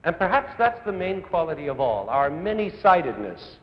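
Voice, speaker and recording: A man's voice: on the high side, big pitch swings, moderate pace. A man giving an earnest, rhetorical music lecture to a young audience, building his points in long lists. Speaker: conductor and music educator. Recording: dull old broadcast audio in a large hall.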